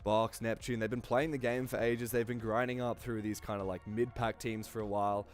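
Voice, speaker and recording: A man's voice: on the low side, flat delivery, fairly quick, faint music behind. A man co-hosting a live esports broadcast, chatty and laughing easily, a bit under the weather. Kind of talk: live esports desk talk and interviewing.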